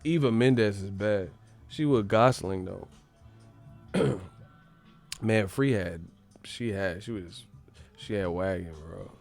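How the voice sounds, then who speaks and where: A man's voice: on the low side, slow pace, gravelly, long pauses, a little mellow, soft background music. A man hosting a livestream, rambling in casual chat, swearing and laughing often. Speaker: livestream host.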